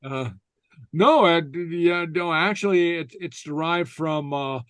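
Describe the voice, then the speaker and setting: A man's voice: on the high side, a little slow, a bit bright, smooth, dry recording, clean studio sound. A man teaching an online language class, patiently modelling words for students to repeat, with many fillers. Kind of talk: online class, drilling vocabulary. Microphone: computer mic on a video call.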